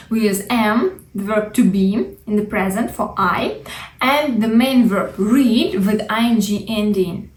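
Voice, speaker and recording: A woman's voice: medium pitch, roomy sound, poor audio. A woman teaching grammar, explaining patiently and often adding "yeah" and "like". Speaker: English teacher. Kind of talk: grammar lesson.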